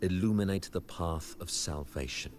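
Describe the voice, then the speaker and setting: A man's voice: sits low, moderate pace, darkish tone, a little hiss or hum, natural voice. A man voicing a solemn zealot who proclaims a fiery rite in a grave, ceremonial way. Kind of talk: game voice acting. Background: music.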